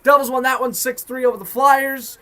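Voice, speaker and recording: A man with a Boston accent giving chatty, excited fan-made play-by-play commentary on a hockey game. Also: very high-pitched, fairly quick. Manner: excited, chatty, self-correcting. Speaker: sports commentator.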